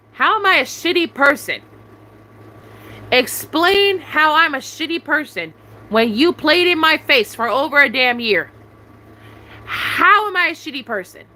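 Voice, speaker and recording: A woman's voice: high-pitched, sharp tone, low-quality recording. A young adult woman venting angrily at someone, demanding answers over and over with heavy swearing. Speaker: YouTuber venting on a live stream. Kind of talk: angry venting rant.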